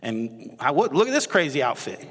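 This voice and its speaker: A male associate pastor with a Midwestern American accent preaches a sermon in a conversational, animated way, chatting with the congregation between readings. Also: medium pitch, normal speed, slightly rough. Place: church sanctuary. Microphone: lapel mic. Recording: long reverb of a church hall.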